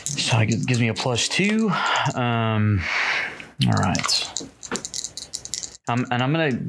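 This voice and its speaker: A man's voice: fairly low pitch, fairly bright tone, slight background noise. A man playing a tabletop game, describing his character's moves step by step in casual talk. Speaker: player.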